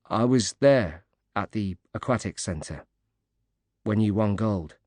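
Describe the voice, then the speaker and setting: A male narrator voicing a grateful widowed father recovering from injury, speaking softly and haltingly. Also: lowish voice, lively intonation, no room sound, clean studio sound. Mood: moved, grateful. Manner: soft, halting, moved.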